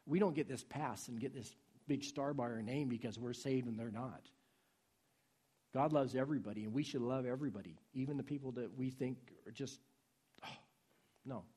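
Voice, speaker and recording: A man preaching a sermon in a husky voice, swinging from soft pleading to loud urging. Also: mid-range voice.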